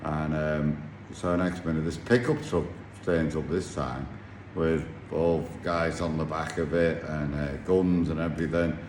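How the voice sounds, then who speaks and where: Man, very low voice, halting anecdote, roomy echo, faint hiss. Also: fairly even intonation, a little mellow. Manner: rambling, halting storyteller with many restarts. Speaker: yacht captain telling a story. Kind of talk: casual anecdote. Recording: echoey room with faint noise.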